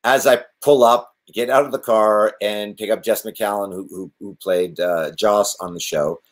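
A man with a fairly low voice talks as a guest in a casual interview. He tells stories in an animated, rambling way, restarting his sentences often. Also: moderate pace. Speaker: actor, guest.

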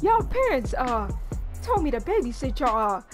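A woman's voice: high-pitched, big pitch swings, normal speed, faint music behind, pitched below the performer's own voice. Woman doing a cussing forgetful old grandma. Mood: rambling. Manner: drawling, swearing, trailing off with uhs. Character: brash, foul-mouthed grandmother, forgetful, in her 70s. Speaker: channel host. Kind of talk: game role-play.

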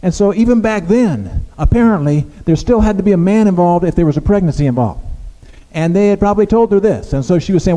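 Halting preacher in a reverberant church. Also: male voice, high-pitched, lively intonation, mellow. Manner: conversational, halting, many restarts. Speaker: pastor. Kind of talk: sermon. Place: church sanctuary.

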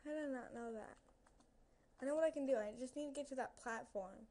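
A woman's voice: sits high, a little fast, mellow. A young woman giving casual gameplay commentary into a headset at home, nervous and chatty, talking to creatures in the game and to her viewers. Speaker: gaming video creator.

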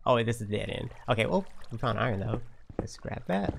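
A man talks his way through a long game session, thinking out loud and grumbling at his own mistakes. His voice has a gravelly, creaky edge at a middling pitch. A faint hiss sits under the recording. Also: lively intonation, fast. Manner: talks to himself while playing, frustrated outbursts. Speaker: Minecraft let's player. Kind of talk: uncut gameplay commentary.

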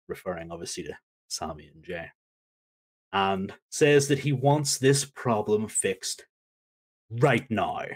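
A man's voice: on the low side, a little slow. Guy on a podcast going over a wrestling show, gets worked up, does the voices. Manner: animated retelling, acting out quotes. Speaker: podcast host. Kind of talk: casual wrestling recap.

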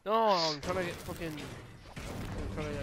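A man's voice: fairly high pitch, lively intonation, measured pace, noisy background. A man in casual gaming party chat, muttering and trailing off while focused on the game.

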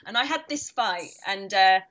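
A British woman in her thirties, a karate champion, chatting in an interview and telling animated stories with frequent laughter. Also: mid-range voice, normal speed. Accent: British English. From Britain. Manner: animated storyteller, laughing often, acting out quotes. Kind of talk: casual interview chat.

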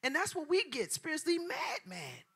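A woman pastor preaching a sermon in a colloquial way, repeating phrases and rising from hushed passages to loud, shouted preaching. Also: very high-pitched, wildly swooping pitch, normal speed. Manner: colloquial, repeats phrases, acts out quoted voices.

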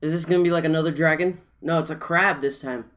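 A young man hosting a casual reaction video, talking excitably and swearing freely. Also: fairly high pitch, fast talker. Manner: excitable, shrieks and swears when scared.

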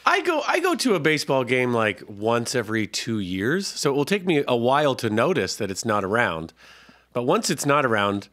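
Male comedy panelist, bright tense voice, very animated, joking riffs. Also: mid-range voice, normal speed. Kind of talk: improvised comedic banter.

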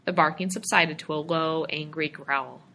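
Female storybook narrator, measured and expressive, bright and lowish. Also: slight background noise. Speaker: reader.

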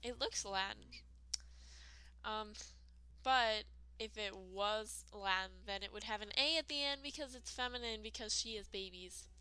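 Woman gamer, casual commentary, rambling, lots of fillers, bright tone, unhurried. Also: mid-range voice, clean tone, no room sound. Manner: rambling, filler-heavy, self-deprecating. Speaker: gaming video creator. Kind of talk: casual let's-play commentary.

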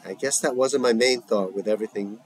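A man voicing a young woman in therapy, defiant and shaken, read softly from a script. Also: lowish voice, fairly quick, a little hiss or hum, natural voice, low-quality recording. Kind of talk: reading a script aloud.

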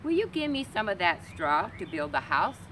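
A woman voicing a small, polite male piglet in a storybook reading, with a squeaky, piping voice. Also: big pitch swings, normal speed, noisy background, natural voice.

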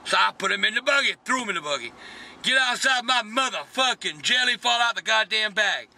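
A man's voice: high voice, expressive, a little fast, vocal fry. An older man, ranting angrily and cursing nonstop in a car, in a casual vlog chat. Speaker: vlog regular. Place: inside a car. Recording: loud car noise.

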